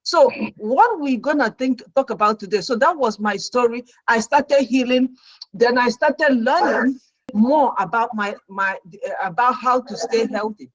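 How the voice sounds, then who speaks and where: A middle-aged woman, a registered nurse, telling her own story as a talk show guest with lively, dramatic delivery. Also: fairly high pitch, a little slow, dry recording, poor audio. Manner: animated storyteller who acts out her own past reactions.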